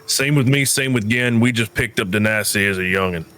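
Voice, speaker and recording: A man's voice: fairly low pitch, fairly quick, sharp tone, a little hiss or hum. A man playing a tabletop game, casually narrating his character's actions and joking between lines. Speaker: player. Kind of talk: tabletop role-play with narration.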